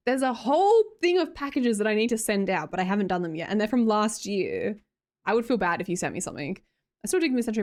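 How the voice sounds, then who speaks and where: An Australian woman live streamer chatting casually with viewers, scattered and self-mocking, laughing often. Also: fairly high pitch. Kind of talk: casual chat reading viewer messages.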